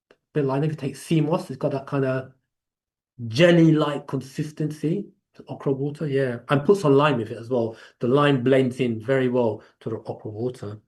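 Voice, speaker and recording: A man's voice: mid-range voice, darkish tone. Chatty Englishman hosting a live class. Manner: chatty, rambling, laughs easily. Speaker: class host. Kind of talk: casual live class talk.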